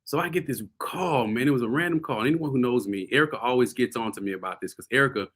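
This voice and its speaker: A man hosting a show, telling a story casually to his viewers, animated and laughing often. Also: mid-range voice, fast. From US South. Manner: animated, laughing often, addresses audience as y'all. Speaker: host.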